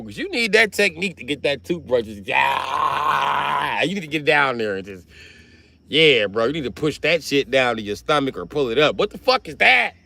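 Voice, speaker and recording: A man, telling crude comedic stories on a livestream and swinging between loud outbursts and muttering. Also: fairly high pitch, gravelly, no echo. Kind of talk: rambling comedic storytelling.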